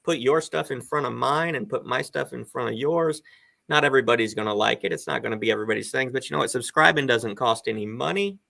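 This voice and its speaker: Gravelly, bright-voiced chatty man. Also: mid-range voice, quick pace. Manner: chatty, rambling, enthusiastic. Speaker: guest on a live stream chat. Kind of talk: casual chat.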